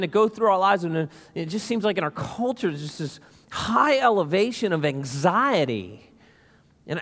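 High-voiced emphatic preacher in a reverberant hall. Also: male voice, fairly bright tone. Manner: emphatic, repetitive preaching with calls to the church. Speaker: pastor. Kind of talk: sermon. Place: church sanctuary. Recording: long reverb of a church hall.

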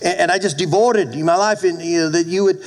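A pastor in his fifties delivers an animated sermon, often restarting and suddenly dropping his voice soft. His pitch sits high and his pace is brisk.

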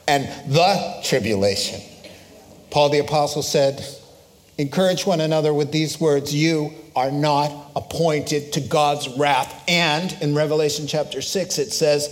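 Man, pastor, sermon, animated storyteller, fairly high voice. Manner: animated storytelling, acts out voices, shifts to solemn preaching.

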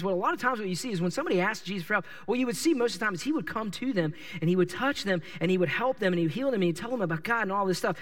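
A male pastor preaching a sermon, telling a story with lively, animated delivery and acting out the people in it. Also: high-pitched, far from the mic. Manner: animated storytelling, acts out characters and yells their lines.

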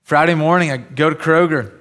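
Man, slightly higher voice, pastor, conversational sermon, personal stories, emphatic preaching. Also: a little fast, fairly bright tone.

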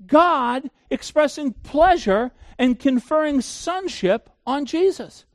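A man preaches a sermon with emphatic conviction. His voice sits high and swings widely in pitch. The sound is dry and close, with no room echo. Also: expressive, takes it slowly, few pauses. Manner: asks the listeners questions and answers them himself. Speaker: pastor.

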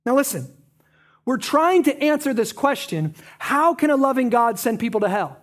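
A pastor preaching a sermon, moving between emphatic points and low, quiet stresses. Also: sing-song, moderate pace.

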